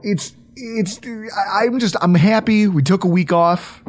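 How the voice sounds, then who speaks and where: A man's voice: sits high, measured pace. A man hosting a casual sports podcast, bantering and teasing his co-host in a playful way.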